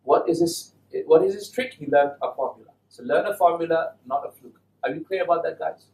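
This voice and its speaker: A man giving a lively talk to an audience, often asking the listeners questions. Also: fairly high pitch, a little fast, gravelly. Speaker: Islamic speaker giving a talk. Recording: echoey hall, mic at a distance.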